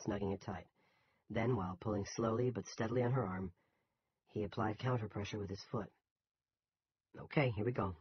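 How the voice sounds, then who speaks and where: A man narrating a novel as an audiobook in a steady storytelling manner. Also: fairly low pitch, breathy edge, highs cut off.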